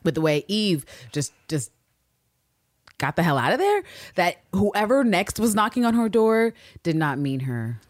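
A woman co-hosting a podcast, casually recapping a TV episode with lots of swearing and quick impressions. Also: lowish voice, no room sound, studio quality. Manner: profane, animated storytelling with quick impressions. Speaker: podcast co-host.

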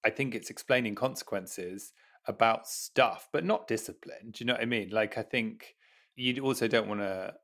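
A man's voice: on the low side, normal speed, fairly bright tone. A man, a guest and new father, thinking aloud in a casual chat with lots of hedging fillers.

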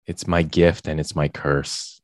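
Deep-voiced young man hosting a podcast. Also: measured pace, no echo. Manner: rambling, filler-heavy, gets animated when joking. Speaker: podcast host. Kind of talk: casual podcast chat.

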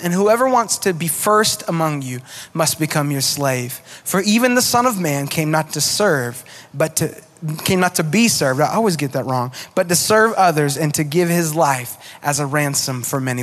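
A male pastor giving a sermon in a church, chatty, animated and self-deprecating, reading scripture and praying. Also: sits high, normal speed. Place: church auditorium.

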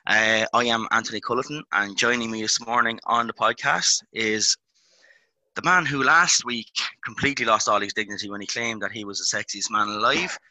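Bright dry-voiced Irish man hosting. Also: lowish voice, steady tone, moderate pace, dry recording, low-quality recording. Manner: rambling, lots of ums and uhs. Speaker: podcast host. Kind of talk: casual sports podcast chat.

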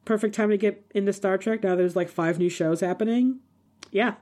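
A woman at a middle pitch, chatting as a podcast co-host. She talks in an animated, playful way and laughs readily between thoughts. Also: normal speed. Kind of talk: casual podcast chat.

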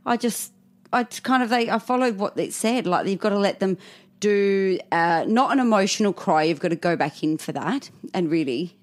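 A woman's voice: medium pitch, moderate pace. A woman, co-hosting a casual podcast chat and telling candid stories. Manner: candid, storytelling, acts out quotes. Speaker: podcast co-host.

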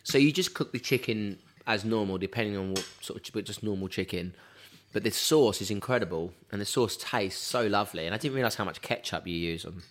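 A man chatting casually as a guest, telling stories in an animated way and laughing often. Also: lowish voice, a little fast. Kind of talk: casual chat.

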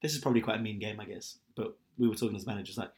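A man's voice: fairly low pitch, rapid-fire. A man chatting casually as a podcast co-host, telling a long story with lots of fillers and restarts. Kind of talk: casual chat.

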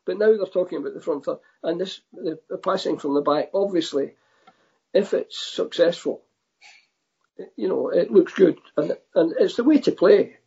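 An older man with a Scottish accent, a guest telling football stories in a relaxed, easygoing way, on a dull lo-fi line. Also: high voice, moderate pace, creaky, breathy edge. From Scotland. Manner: relaxed storytelling, says "aye". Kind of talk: casual interview over a remote line.

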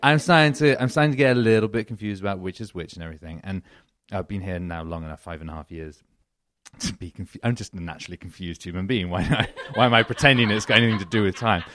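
A man's voice: on the low side, quick pace, fairly bright tone. A man with an English accent, a comedy duo member chatting in a podcast interview, rambling and self-deprecating with frequent laughs. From England.

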